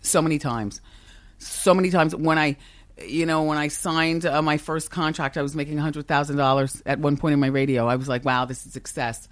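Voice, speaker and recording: A woman's voice: low voice, steady tone, fairly quick, no room sound. Confident woman with a strong voice. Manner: strong, confident voice, laughs often. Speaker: talk show host as guest. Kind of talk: casual interview chat. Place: podcast studio.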